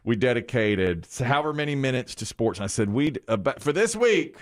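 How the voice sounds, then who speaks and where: A man's voice: medium pitch, sing-song, fairly quick. A man hosting a radio show, telling a story in casual banter, mock-indignant and laughing often.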